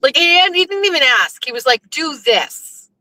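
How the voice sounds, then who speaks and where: A middle-aged woman hosting a casual live stream, rambling, profane and animated, talking from her car in a driveway. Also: very high-pitched, fast talker, low-quality recording.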